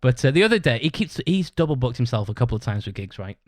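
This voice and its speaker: Telling a meandering story full of swearing, a young British podcast host laughs his way through it in a relaxed manner. His medium-pitched voice is sing-song and quick. The recording is dry, with clean studio sound.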